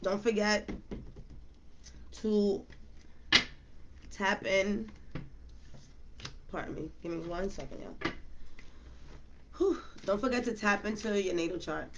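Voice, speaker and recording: A woman's voice: medium pitch, takes it slowly, pauses often, noisy background. A woman reading tarot cards in a casual, chatty way, talking straight to her viewers with lots of slang. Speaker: tarot reader.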